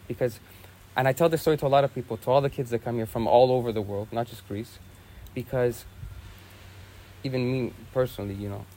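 A man's voice: mid-range voice, fairly even intonation, brisk, dark tone, a little hiss or hum. Young man telling a story casually. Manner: easygoing, many fillers like "you know" and "like".

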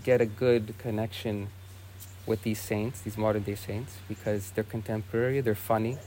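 A young man, a monk, telling a saint's story in a relaxed, casual way with lots of "you know" and "like". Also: fairly low pitch, moderate pace, slight background noise. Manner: easygoing, many fillers like "you know" and "like".

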